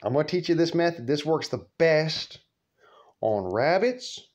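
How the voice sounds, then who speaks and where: A man doing a gruff, cursing country father. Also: a little high, lively intonation, unhurried, darkish tone. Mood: gruff instructive. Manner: drawling, cursing, scolding. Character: gruff rural father teaching his son.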